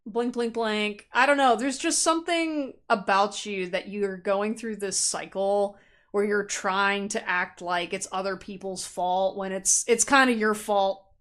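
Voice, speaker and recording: Speaking at a measured pace in a mid-range voice, a woman does a relaxed pick-a-card tarot reading. She's lively and talkative, laughs frequently, and playfully voices imagined thoughts.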